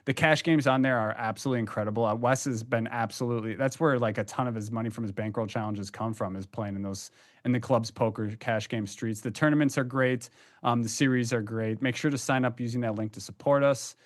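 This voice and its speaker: A man's voice: medium pitch, fairly even intonation, a little fast. A young man co-hosting a casual podcast, talking loosely with plenty of ums and restarts. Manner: chatty, loose, many fillers. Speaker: podcast co-host.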